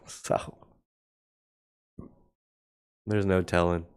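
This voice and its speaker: A man's voice: sits low, flat delivery, slow, darkish tone, smooth. A man hosting a casual crypto market livestream, talking blunt and sarcastic over charts, with a cough that keeps breaking in. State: coughing now and then. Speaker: crypto market show host.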